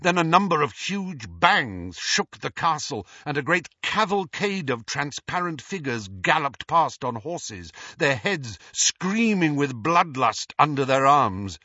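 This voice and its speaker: A man giving a dramatic, expressive audiobook narration. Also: medium pitch, no echo, muffled recording. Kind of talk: scripted narration.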